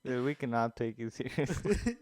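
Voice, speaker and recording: A man's voice: medium pitch, expressive, moderate pace, a little mellow. A young man guest on a podcast, chatting casually and chiming in on shared stories. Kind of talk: casual conversation.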